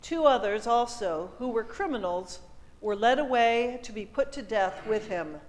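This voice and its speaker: Slow, deliberate woman lector in church. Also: a little high, expressive, long reverb tail, rough recording. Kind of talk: liturgical scripture reading.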